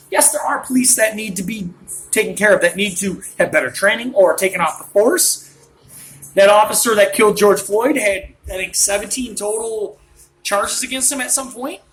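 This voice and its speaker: A man's voice: high-pitched, bright, forceful tone, poor audio. A man in his late thirties delivering a ranting monologue, worked up and jumping from point to point as he talks. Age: late 30s. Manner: worked up, rambling, jumps between points.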